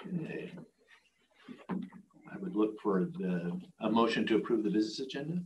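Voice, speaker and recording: A man chairing a county board meeting, running procedure in a halting way with fillers. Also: fairly low pitch, animated. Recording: echoey meeting room, faint room noise.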